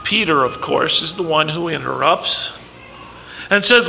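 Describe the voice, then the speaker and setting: Male preacher, high, very bright and forceful, emphatic delivery, reverberant hall. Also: expressive, a little slow, creaky. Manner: emphatic, acts out quoted dialogue. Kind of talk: sermon. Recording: long reverb, faint background noise.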